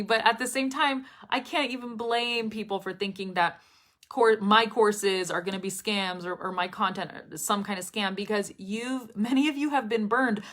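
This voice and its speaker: A woman's voice: fairly high pitch, moderate pace, fairly bright tone. A woman teaching an English lesson live online, chatty and enthusiastic as she talks to her students and reads out their comments.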